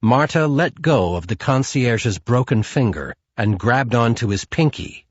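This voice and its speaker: A male audiobook narrator reads at an unhurried pace, his pitch moving freely. His husky voice sits dry and close in a dull, lo-fi recording. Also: animated, no room sound. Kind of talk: scripted narration.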